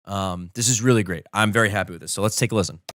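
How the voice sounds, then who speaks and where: A man explaining how he is composing and arranging a song during a livestream. He thinks aloud with enthusiasm and sings rhythms and melody lines out loud to show his ideas. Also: on the low side, rapid-fire, over loud music. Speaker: musician streaming his composing session. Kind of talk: casual explanatory livestream talk.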